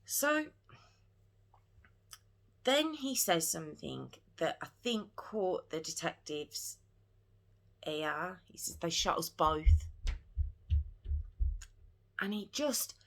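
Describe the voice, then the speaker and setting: A woman recounting a true crime case in an earnest, casual retelling. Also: mid-range voice. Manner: earnest, retelling events in her own words.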